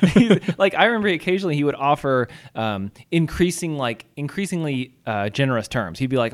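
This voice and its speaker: A man's voice: medium pitch, fast, few pauses. A man chatting casually and telling stories from his childhood, laughing often as he talks. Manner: storytelling, laughs often, lively. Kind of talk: casual chat.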